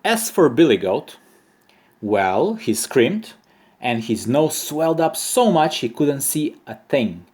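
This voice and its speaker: A man reading a children's story aloud for primary pupils, expressive and lively. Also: medium pitch, takes it slowly, breathy edge. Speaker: storyteller, teacher.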